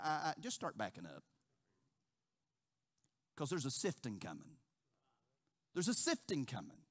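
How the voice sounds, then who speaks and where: A male pastor delivers a sermon in a high, bright and ringing voice. He repeats key phrases and acts out quotes, dropping to a hush and then rising to near shouts. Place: church sanctuary.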